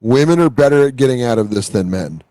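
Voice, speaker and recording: Excitable crude male comedy co-host. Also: medium pitch, no echo, low-quality recording. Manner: crude, excitable, quick impressions. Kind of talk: casual comedic banter.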